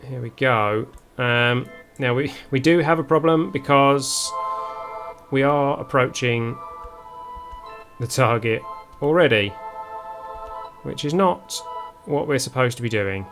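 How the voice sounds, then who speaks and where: A man's voice: medium pitch, slow pace, over music. A young man streaming a space game live, talking viewers through his moves with many ums and restarts. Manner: hesitant, full of ums, chats with viewers. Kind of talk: live gameplay commentary.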